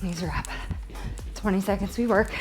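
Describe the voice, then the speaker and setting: Female fitness instructor, mid-pitch, energetic cueing between breaths, light music bed. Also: moderate pace. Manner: upbeat, encouraging, counting reps. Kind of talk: live workout coaching.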